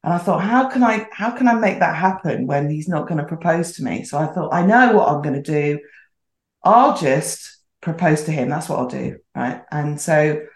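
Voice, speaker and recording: A woman's voice: low voice, animated, normal speed. A middle-aged woman telling a story casually as a podcast guest, chatty and acting out the voices she quotes. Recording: roomy echoey sound.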